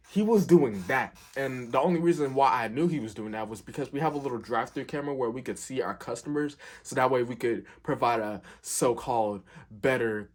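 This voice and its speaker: A young fast food worker recounts a story from his job in a loose, lively style. He performs the quoted lines himself, swinging his pitch up and down dramatically.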